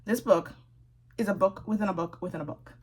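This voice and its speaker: A young woman in a casual, sassy book-review rant, chatty and laughing often, with a slightly husky voice. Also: mid-range voice, brisk, a little mellow. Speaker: book vlogger.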